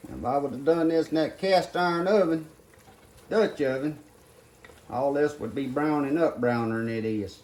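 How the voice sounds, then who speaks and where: A darkish tone marks this older man's voice, which sits on the high side and moves at a moderate pace. He's a home cook running a casual demonstration in his kitchen, folksily talking to his "guys" while he works amid faint sizzling and clattering pots.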